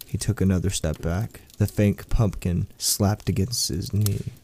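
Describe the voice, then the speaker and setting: A man reading a first-person horror story aloud as a storyteller, in a slow, brooding way. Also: deep voice, steady tone, creaky, dark tone, slight background noise.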